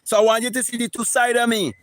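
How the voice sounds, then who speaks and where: A man's voice: extremely high pitch, little pitch movement, fast, a bit bright, dry recording. A man, streaming a live spiritual talk in an emphatic, preachy and profane way, often repeating words. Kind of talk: impassioned live-stream monologue.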